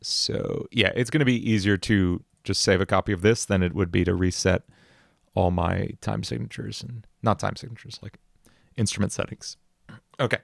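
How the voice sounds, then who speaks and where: A man chats casually through a music livestream, rambling with plenty of fillers and quick laughs. His voice is on the lower side, and it sounds close and completely dry, with no room echo. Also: steady tone, creaky.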